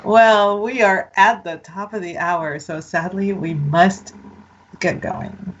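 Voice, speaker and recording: A woman hosts an online talk radio show, chatty and quick to laugh. Her voice is husky. The audio sounds dull and lo-fi. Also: lowish voice, steady tone. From Puerto Rico. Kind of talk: casual political banter.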